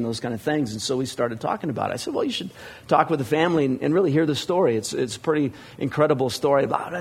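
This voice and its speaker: A middle-aged man, a pastor, giving a sermon in a conversational storytelling style, with many fillers and animated dialogue. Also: medium pitch, a little fast, slightly rough.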